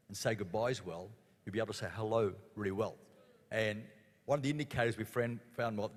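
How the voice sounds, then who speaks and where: An older man, telling earnest stories on a church panel. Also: medium pitch. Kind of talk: panel discussion. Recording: echoey hall.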